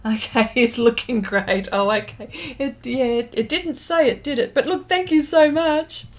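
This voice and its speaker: A woman's voice: a little high, unhurried. An Australian woman, a pastel artist, chatting casually with her viewers during a live stream as she paints, thanking them and reading their comments aloud.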